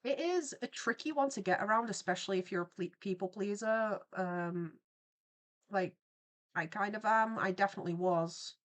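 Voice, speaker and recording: A woman's voice: medium pitch, normal speed. A young woman, hosting a livestream and chatting casually while she draws, telling rambling stories full of asides. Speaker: livestream host and artist. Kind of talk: casual chat while drawing on stream.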